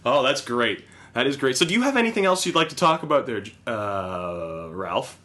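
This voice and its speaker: A man's voice: medium pitch, sing-song, normal speed, pushed and bright. A young man hosting a podcast in casual chat, ranting animatedly and swearing freely. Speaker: podcast host.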